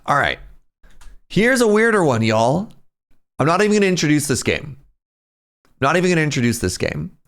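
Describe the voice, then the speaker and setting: A man's voice: a little high, big pitch swings, moderate pace, pauses often, a bit bright. A male streamer chatting casually as he reacts to game trailers, laughing often and thinking aloud.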